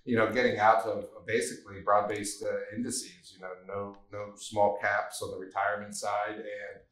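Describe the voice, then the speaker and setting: A man co-hosting a podcast about markets, speaking in a measured way with frequent hesitations. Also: lowish voice, little pitch movement, fairly bright tone. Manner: measured, hesitant, many fillers. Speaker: podcast co-host. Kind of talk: casual market chat. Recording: echoey room.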